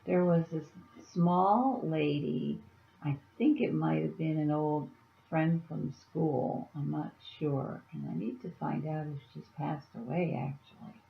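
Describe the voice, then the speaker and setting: A woman vlogging casually, rambling through a dream story and talking softly to her cat. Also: low voice, unhurried, gravelly, reverberant, narrow, tinny audio. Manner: meandering, soft-spoken to her cat. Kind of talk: casual vlog.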